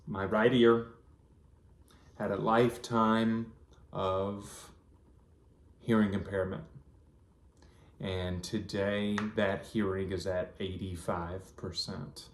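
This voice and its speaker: Casting: vlogger in his thirties, lowish voice, earnest and rambling, recorded in a reverberant room. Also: flat delivery, slow, long pauses. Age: 30s. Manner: earnest, rambling storytelling with many ums. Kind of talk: casual personal vlog. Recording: echoey room.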